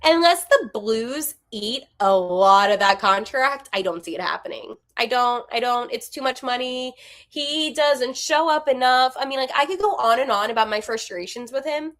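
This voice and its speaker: A woman in her twenties hosting a hockey podcast, giving candid, animated opinions with quick asides. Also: fairly high pitch. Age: 20s. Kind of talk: casual opinionated commentary.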